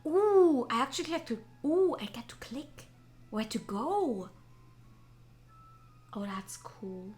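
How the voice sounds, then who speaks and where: A woman on a gaming stream, reading a visual novel aloud with excitable, giggly reactions. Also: on the high side, slow, long pauses. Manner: excitable, giggly, swears casually.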